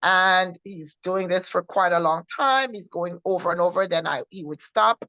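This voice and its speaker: A woman co-hosting a faith show, recounting her personal testimony in an earnest, halting way with many restarts. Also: on the low side, pushed and bright, dry recording. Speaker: co-host sharing her testimony. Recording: dull, muffled sound.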